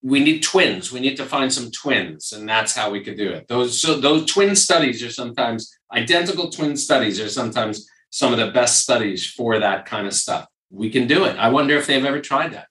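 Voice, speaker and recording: Bright-voiced man telling stories, echoey room. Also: mid-range voice, normal speed, hardly any pauses, distant mic. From New York. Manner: animated storyteller who repeats phrases for emphasis. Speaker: surgeon and podcast host. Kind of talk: casual podcast chat and storytelling.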